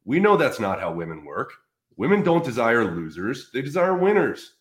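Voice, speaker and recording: A man's voice: mid-range voice, wildly swooping pitch, normal speed, roomy sound. A man appearing as a podcast guest, speaking directly and matter-of-factly in casual conversation.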